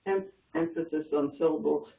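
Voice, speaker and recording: A man taking part in an online class, answering in halting fits and restarting his words as he makes a point. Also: a little high, flat delivery, creaky, faint music behind. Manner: halting, repeats words while finding a point. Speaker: class participant. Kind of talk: casual discussion on a call. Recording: tinny, echoey phone-like audio from far off the mic.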